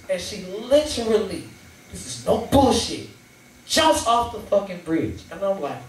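A young man with a St. doing profane, animated stand-up storytelling. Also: high voice, unhurried, heavy reverb, distant mic. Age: young adult. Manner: animated, profane, acts out scenes. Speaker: stand-up comedian. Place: comedy stage in a live venue.

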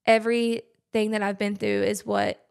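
A young woman, a podcast guest talking earnestly and softly in casual chat. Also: mid-range voice, big pitch swings, normal speed, clean tone.

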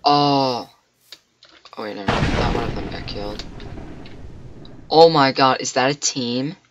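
A man giving excitable let's play commentary, talking to himself with frequent exclamations at a desktop mic. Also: medium pitch, measured pace, very noisy. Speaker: gamer.

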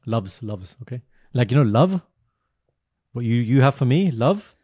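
A man from the UK co-hosting a casual podcast chat, telling stories in an animated, teasing way. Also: medium pitch, unhurried, breathy edge, no room sound, highs cut off. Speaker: podcast co-host.

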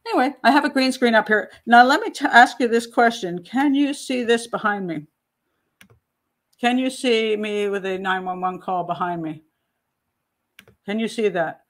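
Woman in her sixties, higher-pitched voice, out of breath, chatty livestream host, talks to herself at home. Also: normal speed. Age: 60s. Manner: chatty, exclaiming, talks to herself while troubleshooting. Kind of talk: casual livestream talk.

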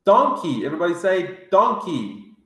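A man teaching English words to young children, drilling each word slowly with excited gasps. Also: high-pitched, echoey room. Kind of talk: vocabulary lesson for kids.

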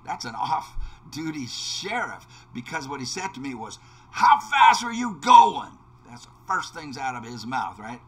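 A man's voice: mid-range voice, lively intonation, normal speed, sharp tone. A man hosting a game video, telling a casual anecdote with many restarts, fillers and repeated words. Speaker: let's play host. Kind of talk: casual anecdote told while gaming.

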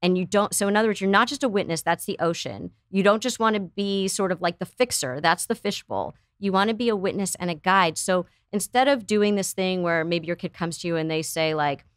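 A woman's voice: on the low side, fairly quick, hardly any pauses, dry recording, studio quality. Earnest middle-aged woman therapist explaining. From United States. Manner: earnest, explanatory, acts out quoted voices. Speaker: psychotherapist guest. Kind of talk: conversational interview explaining.

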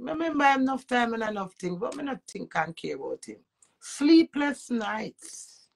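A woman with a Jamaican accent ranting to camera as a social media personality, emphatic and preachy, swinging between loud outbursts and low muttering. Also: big pitch swings, moderate pace, creaky.

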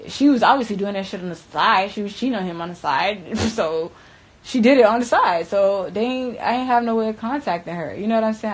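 A woman's voice: mid-range voice, low-quality recording. A young adult woman from Broward County, Florida, telling a story as an interview guest. She talks in profane, slangy bursts and keeps saying "bruh.". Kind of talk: candid storytelling.

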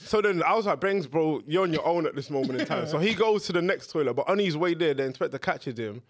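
A young man with a slightly high voice spins a story for his friends, breaking into laughter at his own jokes. His easy, slangy delivery feels like banter among friends on a podcast. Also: expressive, quick pace. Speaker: podcast co-host.

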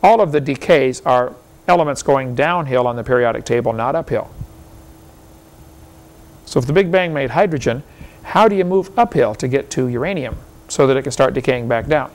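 A man's voice: mid-range voice, lively intonation, moderate pace. A man giving a seminar lecture to a live audience in a folksy, argumentative way, firing off rhetorical questions and chuckling often.

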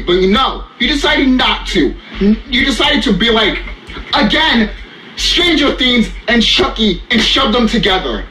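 Male vlogger, high and sharp-toned, swearing nonstop, voice wearing out, roomy echo. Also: a little hiss or hum. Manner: furious, profane, repetitive ranting. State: losing his voice, sweaty. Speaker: YouTuber. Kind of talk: angry ranting reaction vlog.

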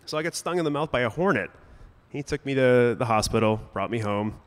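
Young adult male storyteller on a stage, easygoing delivery with comic timing and sharp bursts of emphasis. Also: mid-range voice, expressive, brisk, in a large hall. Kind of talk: personal storytelling to a live audience. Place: stage at a brewery event.

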